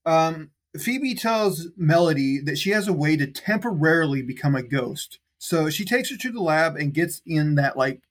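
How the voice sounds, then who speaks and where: A man with a slightly raised pitch talks through a film plot in casual conversation. He rambles, circles back on himself and leans on fillers as he goes. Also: lively intonation, normal speed, few pauses. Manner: rambling, lots of "like" and "um" fillers, laughs easily. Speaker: podcast co-host recapping a film. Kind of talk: casual chat.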